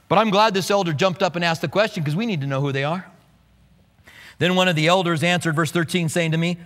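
A man with a high voice preaches with lively energy, slipping into acted-out quotes and jokes. His voice carries a long reverb, like a large church sanctuary. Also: quick pace. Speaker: pastor. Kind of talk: sermon.

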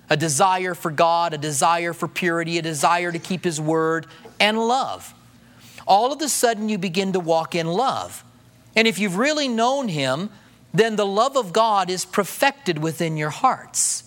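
High-voiced man preaching a conversational sermon. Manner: conversational preaching with rhetorical questions; drops to a soft hush when voicing prayers. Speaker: pastor. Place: church.

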